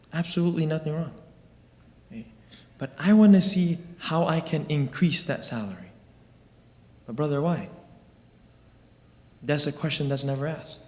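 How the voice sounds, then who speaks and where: Man, religious teacher, chatty lecture, keeps asking "right?", everyday examples, mid-pitched voice, long hall reverb. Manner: conversational, constantly checks in with "right?".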